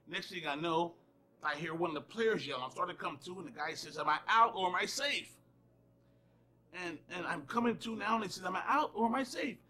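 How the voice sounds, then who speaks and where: A man, an umpire, tells anecdotes with a laugh in his voice. His voice is bright and a little high. He talks freely, as in an interview. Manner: laughing storyteller.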